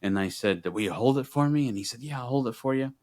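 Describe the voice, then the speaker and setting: Talking fast in a mid-range, slightly mellow voice, a middle-aged podcast co-host spins a story in relaxed conversation. He plays both parties whenever he recounts an exchange.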